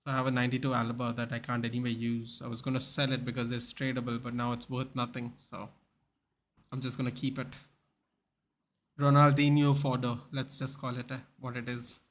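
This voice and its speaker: A man's voice: mid-range voice, level tone, a little fast. A young man hosting a live football watchalong, chatting casually, reading the chat and retelling clips in a rambling way. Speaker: live stream watchalong host.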